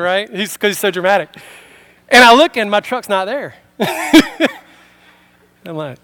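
High-voiced man preaching casually. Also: expressive, fairly quick, a bit bright. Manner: casual storytelling, acts out dialogue. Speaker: pastor. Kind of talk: sermon with personal story.

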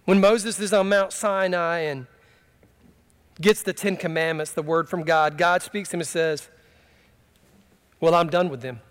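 A middle-aged pastor preaching a sermon, swinging from impassioned emphatic cries to quiet, low storytelling. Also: male voice, steady tone, moderate pace, clear, resonant tone.

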